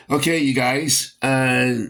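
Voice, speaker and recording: A man's voice: medium pitch, gravelly, a bit bright, slightly rough. A man casually reviewing vintage toy soldiers, rambling with lots of fillers and dry jokes, a bit winded.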